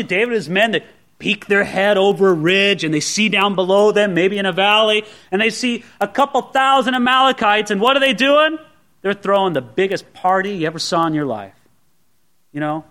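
A man's voice: sits high, fairly bright tone. A pastor preaching a sermon to his congregation in an earnest, conversational way, often asking rhetorical questions.

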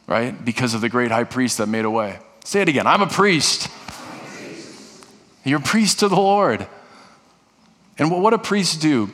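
A man's voice: medium pitch, a bit bright. A male pastor preaching a sermon in an earnest way, often restarting and repeating phrases. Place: church sanctuary. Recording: long reverb of a large hall.

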